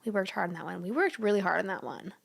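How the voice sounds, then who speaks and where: A woman's voice: medium pitch, fast talker, creaky. Chatty young woman on a home livestream. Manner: chatty, giggly, slangy, coos at her cat. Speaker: livestream host. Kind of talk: casual livestream chat.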